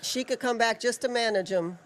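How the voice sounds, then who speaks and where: A co-host of a live wrestling watch-along, chatting casually and asking quick questions. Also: medium pitch, fairly bright tone. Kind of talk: casual live-stream chat.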